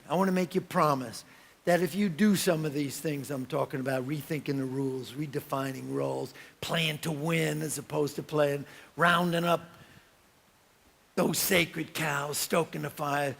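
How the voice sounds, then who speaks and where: A man delivers a motivational keynote at a business conference. His voice sits high for a man and has a gravelly edge. He tells stories with energy, jumping into the voices of the people in them. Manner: animated storytelling with acted-out voices and shouts. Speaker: keynote speaker. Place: conference hall.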